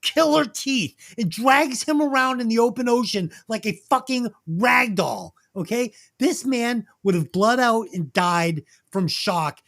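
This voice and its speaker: A podcast host ranting through a comedic movie review, swearing a lot, going from loud to low. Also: a little slow, hardly any pauses. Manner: animated, swings between loud and low.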